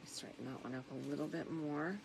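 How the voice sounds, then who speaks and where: A tired middle-aged woman chatting softly and reflectively as she makes a wreath, with plenty of fillers along the way. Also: low-pitched, fairly even intonation, fairly quick, vocal fry, noisy background. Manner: soft-spoken and reflective, with frequent fillers. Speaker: craft vlogger. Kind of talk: casual crafting chat.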